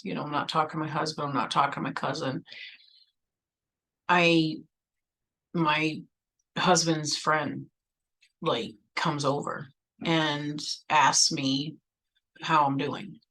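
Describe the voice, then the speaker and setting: A woman speaking to her viewers in a low, gravelly voice, telling a personal story in a loose, chatty way. She leans on "like" and "you know" and acts out her own replies as the story unfolds. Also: a bit bright, low-quality recording. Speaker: vlogger.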